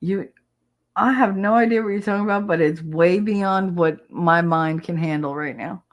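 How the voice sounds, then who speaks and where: A woman's voice: fairly low pitch, moderate pace. A woman hosting a podcast, telling stories in a blunt, profane, casual way and laughing often. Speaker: podcast host. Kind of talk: casual solo chat.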